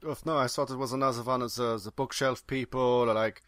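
A man's voice: mid-range voice, steady tone, brisk, fairly bright tone, no room sound, clean studio sound. A man playing a tabletop role-playing game, chatting playfully. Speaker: player. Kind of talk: casual tabletop role-play chat.

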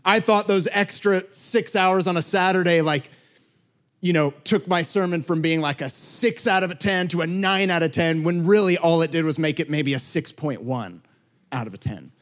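A man in his forties, a pastor, giving a conversational talk to other pastors with lively storytelling asides. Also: a little high, normal speed.

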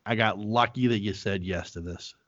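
Middle-aged man, podcast host, low voice, rambling casual chat, dry dull-sounding recording. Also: moderate pace, a bit bright, dry recording. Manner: rambling, profane, lots of fillers.

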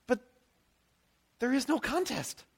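An American man, a pastor, preaching a sermon in a conversational, animated storytelling way with frequent asides. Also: very high voice, takes it slowly, vocal fry, husky.

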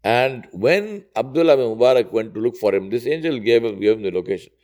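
A man preaching in a conversational storytelling way, retelling an old tale with lively quoted dialogue. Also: fairly quick. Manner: conversational, rising high when quoting characters. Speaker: Islamic preacher. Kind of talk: storytelling sermon.

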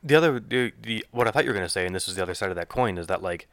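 A man with a very low voice talks fast as a podcast co-host. He rambles and restarts his sentences, working ideas out aloud with analogies. The recording is dry and close. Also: animated, fairly bright tone, clean tone, no echo. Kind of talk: casual discussion.

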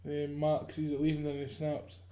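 A man's voice: a little high, completely flat delivery, moderate pace, roomy sound, over a noisy crowd. A young man chatting casually about a film, laid-back and sweary, often giving short agreeing replies. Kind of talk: casual chat.

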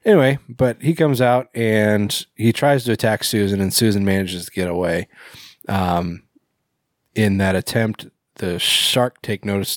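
Guy with a lowish voice rambling thru a movie plot, lots of ums, dry close mic. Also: dry recording. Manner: rambling, many fillers and self-corrections, laughs often. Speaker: podcast co-host. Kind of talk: casual movie recap chat.

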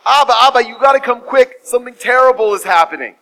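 A man putting on an urgent, excited young son bursting in with alarm. The voice jumps high and bright and loud. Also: quick pace, full character voice, low-quality recording.

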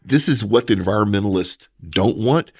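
Male podcast host, lowish voice, punchy and opinionated, dry close sound. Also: moderate pace, vocal fry, slightly rough, no room sound. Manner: opinionated, animated, mocking asides. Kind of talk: casual news commentary.

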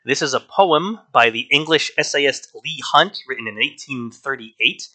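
A man's voice: medium pitch, normal speed, pushed and bright. A man talking casually through an album review, frank and wry. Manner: conversational, frank, wry asides.

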